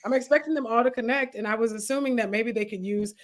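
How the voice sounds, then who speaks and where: A woman's voice: fairly high pitch, fast. A woman co-hosting a podcast in casual chat, laughing often and teasing the others. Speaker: podcast co-host.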